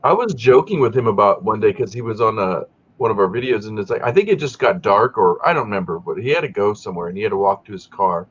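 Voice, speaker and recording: A man's voice: lowish voice, lively intonation, fast, husky. A man joking around in casual chat as a guest on a live stream. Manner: joking, chatty. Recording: dull lo-fi stream audio.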